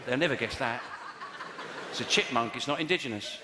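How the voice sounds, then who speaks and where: A man's voice: medium pitch, a little fast, noisy background. A man from England doing stand-up and bantering with the crowd, rambling and correcting himself as he goes. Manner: rambling, self-correcting, mock-outraged. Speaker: stand-up comedian. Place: live venue with audience. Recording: echoey hall, live audience.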